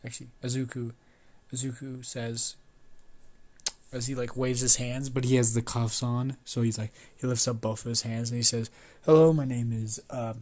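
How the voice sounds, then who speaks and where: A man's voice: medium pitch, completely flat delivery, normal speed. A man improvising a fan story aloud, rambling with restarts and swearing.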